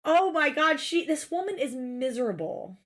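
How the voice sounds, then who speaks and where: Woman co-host, high and lively voice, exasperated casual recap chat. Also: normal speed. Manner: animated, exasperated, swears freely, acts out quotes. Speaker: podcast co-host.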